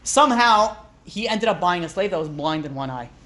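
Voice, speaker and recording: A man, a rabbi, teaching a class through lively storytelling, acting out characters' lines and speaking casually with lots of fillers. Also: high-pitched, fairly quick, background noise. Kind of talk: storytelling lecture.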